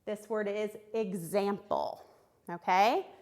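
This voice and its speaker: A woman teaching a recorded phonics lesson to young children, sounding out words clearly and praising answers. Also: medium pitch, slow pace, darkish tone. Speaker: third grade reading teacher.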